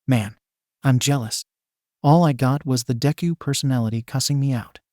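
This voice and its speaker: A man reading the lines of a loud, teasing male hero teacher in an even, unhurried way, in a dry, close recording. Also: medium pitch, no room sound, lightly acted. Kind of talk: fan fiction reading.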